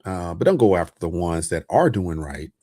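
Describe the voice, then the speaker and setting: A man's voice: low-pitched, very animated, normal speed, warm tone, no room sound, clean studio sound. A man hosting a casual livestream about investments, loose and chatty with lots of fillers and frequent chuckles. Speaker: online host talking about investments.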